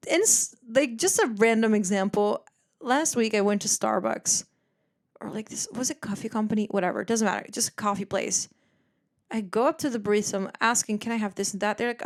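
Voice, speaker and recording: A Dutch woman in her twenties hosts a podcast, chatting casually in a mid-range voice at a moderate pace. She's animated, swears freely, and acts out other people's voices.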